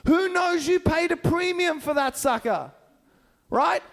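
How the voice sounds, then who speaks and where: A man's voice: very high voice, animated, a little slow, gravelly, fairly bright tone. A man preaching a sermon as a pastor, talking in a conversational way and often checking in with his listeners with rhetorical questions. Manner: conversational, keeps asking the listeners "right?".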